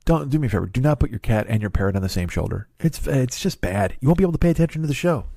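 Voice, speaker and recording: A man's voice: medium pitch, a little mellow, no echo. A man in his forties hosting a podcast, telling a rambling comedic story, cursing freely and cutting himself off mid-thought. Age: 40s. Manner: profane, digressive, self-interrupting. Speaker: podcast host.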